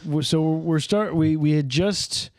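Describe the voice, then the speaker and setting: A man's voice: on the high side, a little slow, darkish tone, no room sound. A man co-hosting a casual podcast, tossing out dry, teasing jabs. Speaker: podcast co-host. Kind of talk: casual chat.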